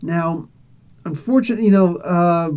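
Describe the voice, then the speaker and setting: A man's voice: high voice, normal speed, darkish tone, smooth. A man reviewing comics, casually retelling a story with laughs and acted-out quoted lines.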